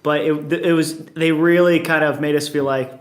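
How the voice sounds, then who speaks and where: A man's voice: fairly high pitch, fairly even intonation, moderate pace. A man in his thirties hosting a casual morning livestream from home, upbeat and chatty, greeting viewers one after another. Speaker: livestream host.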